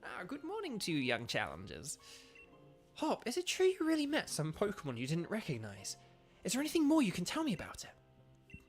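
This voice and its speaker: A man's voice: high voice, huge pitch swings, a little fast, soft background music, pitched above the performer's own voice, heavily acted. A man doing a stately old lady professor. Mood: welcoming. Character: elderly woman professor, gracious and stately.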